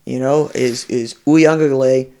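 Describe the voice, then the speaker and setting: A man in a casual sports podcast chat, telling recruiting stories with animated energy and slipping into quoted voices. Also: mid-range voice, unhurried, clear, resonant tone. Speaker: college football recruiting analyst.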